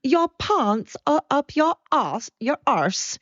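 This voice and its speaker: A woman voicing a blunt teenage schoolgirl exchange student with a South African accent, drawn out and high. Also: very animated, no room sound, lo-fi sound, exaggerated voice. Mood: teasing. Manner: high, slow, drawn-out put-on delivery.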